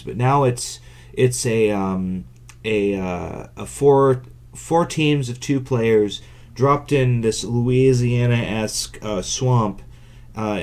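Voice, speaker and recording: A man co-hosting a gaming podcast, talking in a deadpan way with many halting restarts. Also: mid-range voice. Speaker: podcast co-host. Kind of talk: casual gaming chat.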